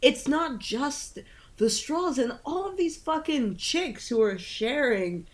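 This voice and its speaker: A woman's voice: sits high, animated, slow pace. A woman co-hosting a podcast in casual chat, talking freely with lots of fillers and swearing. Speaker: podcast co-host. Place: home in Italy.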